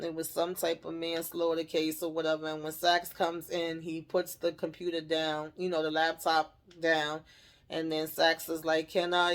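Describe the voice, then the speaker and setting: A woman casually recapping a TV episode, retelling scenes in her own words and acting out the characters' lines with laughs and swearing. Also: on the low side. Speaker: TV recap host.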